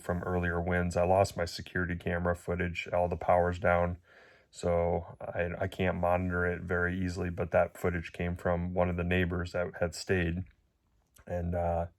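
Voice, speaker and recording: Low, flat-voiced man, voice nearly breaking. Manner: halting, emotional, voice nearly breaking. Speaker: vlogger. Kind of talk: personal video update.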